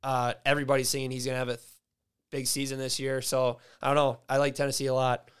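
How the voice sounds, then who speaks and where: A man's voice: medium pitch, monotone, quick pace, clear, resonant tone. A man in a casual sports chat, loose and swearing, leaning on filler words. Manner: loose, swears freely, leans on "like".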